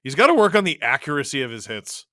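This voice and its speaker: Bright-voiced man chatting through a live game. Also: on the high side, very animated, quick pace, no room sound, clean studio sound. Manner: chatty, reacting to the game and chat as it happens. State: voice worn deeper from long streaming. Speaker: live-stream host watching a hockey game. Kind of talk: casual live play-by-play and chat.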